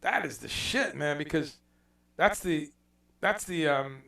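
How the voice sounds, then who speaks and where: Animated middle-aged man, echoey and distant. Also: fairly high pitch, takes it slowly, creaky. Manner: animated, rambling, reads viewer comments aloud. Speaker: host. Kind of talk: casual livestream chat. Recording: echoey room, far from mic.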